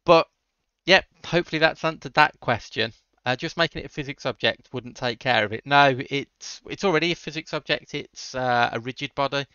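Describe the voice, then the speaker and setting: A man's voice: medium pitch, fairly quick, bright, forceful tone, smooth, no echo, dull audio. A man hosting a casual coding livestream, answering chat questions with dry jokes. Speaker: livestream host.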